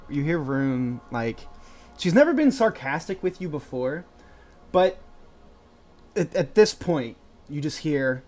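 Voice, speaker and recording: A man narrating a tabletop game as game master, lively and full of restarts. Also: on the high side, takes it slowly, long pauses. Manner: animated, restarts often.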